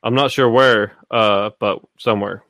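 A man's voice: lowish voice, steady tone, a little slow, a bit bright, no room sound, clean studio sound. A man hosting a casual podcast chat, rambling with lots of fillers and swearing. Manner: rambling, profane, full of fillers. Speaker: podcast host.

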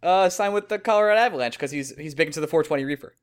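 A young adult man hosting a casual sports podcast, joking and bursting into loud excited outbursts. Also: fairly high pitch, rapid-fire, crowd noise. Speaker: podcast host.

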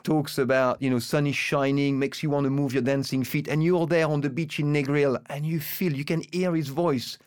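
French guy cohosting a chat, smooth clear voice, bit highish, earnest and musing. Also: fairly even intonation, normal speed, hardly any pauses, a little mellow. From France. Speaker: podcast co-host. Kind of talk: casual chat.

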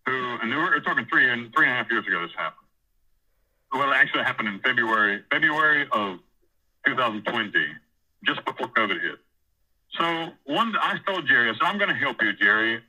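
A man's voice: mid-range voice, bright, forceful tone, breathy edge, rough recording. A man in prison telling a rambling, profane story about taking over church services, often acting out what others said. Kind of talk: casual storytelling interview.

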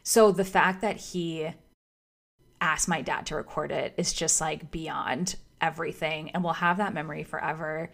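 A woman's voice: low voice, vocal fry. A woman telling a personal story in a casual, gushing way, with lots of "like" and restarts. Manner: chatty and gushing, full of "like" and restarts. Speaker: vlogger telling her proposal story.

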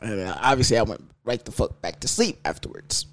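Animated young man telling a profane story. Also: fairly low pitch, a little fast. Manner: animated, loose and profane, acts out quoted voices. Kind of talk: casual storytelling to camera.

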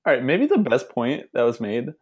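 Male podcast co-host, lively banter, mid-pitched, acts out quotes with a laugh. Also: normal speed, husky. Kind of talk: casual sports chat.

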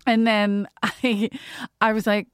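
Woman telling profane, animated stories. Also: medium pitch, takes it slowly, smooth, no room sound, studio quality. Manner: profane, animated storytelling with acted-out quotes. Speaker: podcast host. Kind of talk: casual chat.

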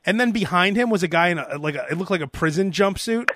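A man hosting a podcast, telling animated comic stories in casual chat. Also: high-pitched, fast, dry recording, studio quality. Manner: animated storytelling, mimics voices. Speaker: podcast host.

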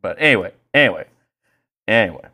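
Man, podcast co-host, casual chat, profane, excitable, lively swinging pitch, bright tone. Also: quick pace. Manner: profane, excitable, rants loudly.

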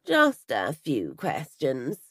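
A woman voicing a male police inspector with a nasal, slightly strangulated voice, speaking slowly and with measured reassurance. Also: very deep voice, huge pitch swings, husky, dry recording, pitched below the performer's own voice, full character voice. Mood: measured, probing. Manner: slow, measured, falsely reassuring. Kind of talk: storybook reading.

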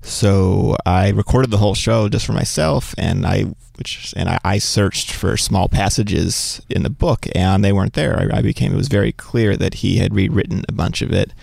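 Co-host, man, low and gravelly, even-tempered, dry recording. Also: normal speed, hardly any pauses, dry recording. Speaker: podcast co-host. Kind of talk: casual discussion.

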